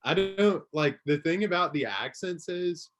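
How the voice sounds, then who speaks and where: A young man chatting casually as a guest, relaxed, with many fillers and easy laughs. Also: a little high, measured pace. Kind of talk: casual chat on a livestream.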